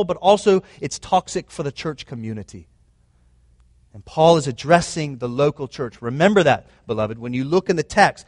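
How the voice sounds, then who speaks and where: A man's voice: on the high side, no echo. A man preaching a sermon in an earnest, emphatic way, often restating his points. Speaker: pastor.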